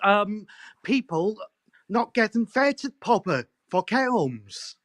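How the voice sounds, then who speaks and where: A man who is a guest on a live stream, speaking in a halting, aggrieved way with many fillers. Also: sits high, sing-song, a bit bright, dry recording, studio quality. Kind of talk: casual live chat.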